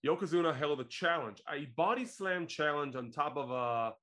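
A man from Israel co-hosting a podcast, retelling a wrestling event in a lively, joking casual chat. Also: fairly high pitch, moderate pace. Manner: animated storytelling, laughs often. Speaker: podcast co-host.

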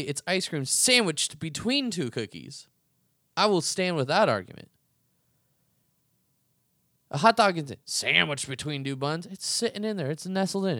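A man's voice: on the high side, fairly bright tone, dry recording, studio quality. A young man hosting a podcast, arguing heatedly and profanely in a casual ranting monologue. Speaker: podcast host.

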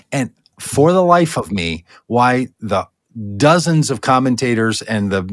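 A man's voice: mid-range voice, no room sound. Sarcastic ranting man, dry sound. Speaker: co-host. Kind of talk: political commentary chat.

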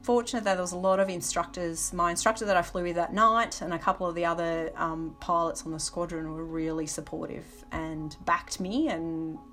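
A middle-aged woman, a former navy helicopter pilot, recalls her training candidly in an interview, restarting sentences and pausing on ums. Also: fairly low pitch, fairly even intonation, a bit bright, soft background music. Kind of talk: interview, personal recollection.

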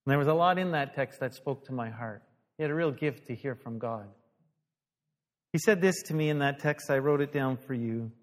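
A man's voice: medium pitch, normal speed. A male pastor preaching a sermon, telling a story animatedly, acting out the dialogue and laughing at himself. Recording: long hall reverb.

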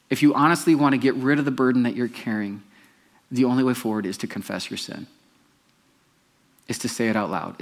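A male pastor giving a conversational sermon, often putting questions to the congregation. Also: medium pitch.

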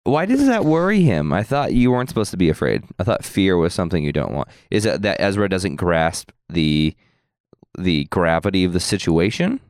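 A man co-hosting a casual podcast chat, recapping with animated storytelling. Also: low voice, normal speed, smooth, no room sound, clean studio sound. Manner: animated storytelling with acted quotes. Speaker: podcast co-host.

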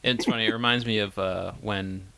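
Low, gravelly man in laid-back chat. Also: steady tone, moderate pace, bright, forceful tone. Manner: laid-back, hesitant, laughs often. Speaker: podcast co-host. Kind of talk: casual chat.

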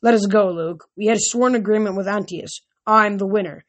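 A woman's voice: medium pitch, brisk, natural voice. A woman voicing a brash teenage boy hero who taunts his foes. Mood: defiant. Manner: defiant, taunting.

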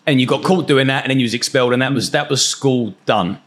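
A man's voice: mid-range voice, fast. A man hosting a podcast, recapping the guest's story in casual talk and asking him questions. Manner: recaps and asks leading questions. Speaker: podcast host. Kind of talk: casual interview.

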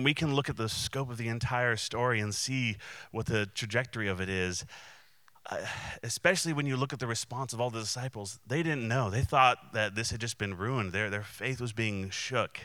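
A man preaching a sermon in an easy, conversational way, often restarting his sentences and briefly acting out the voices in the story. His voice is bright and clear, a little low in pitch. The sound is dry and close. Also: no room sound. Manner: conversational, many restarts and fillers; acts out quoted voices. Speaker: pastor.

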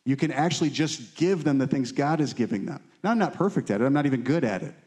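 Animated and fast-talking, a married adult pastor preaches to his congregation in a medium-pitched, slightly mellow voice. He keeps the sermon conversational and regularly checks in with listeners using "right?"

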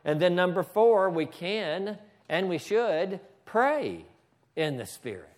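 A very animated man with a high-pitched voice preaches a sermon in church at a slow pace. As pastor, he repeatedly asks "Amen?" and interrupts himself with asides to the slide operator.

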